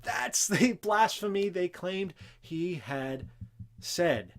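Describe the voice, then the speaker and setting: A man's voice: sits high, lively intonation, takes it slowly. A man hosting a Christian teaching show, talking earnestly and emphatically without a script and breaking into raised voices when he quotes scripture. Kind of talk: unscripted religious teaching talk.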